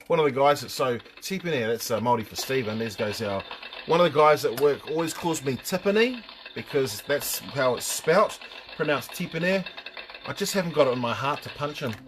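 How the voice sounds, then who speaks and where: A man's voice: medium pitch, lively intonation, fairly quick, a bit bright. A middle-aged man with a New Zealand accent hosting a casual live stream, joking, swearing and reading out viewers' names.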